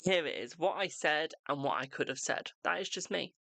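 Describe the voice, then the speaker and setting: A young adult tarot reader hosts a live stream in loose, unscripted chat. The voice sits at a middling pitch with a gravelly rasp running through it, and the sound is close and dry with no room around it. The delivery is blunt and frank, with a self-mocking edge. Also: normal speed, fairly bright tone, no room sound. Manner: blunt, chatty, self-deprecating.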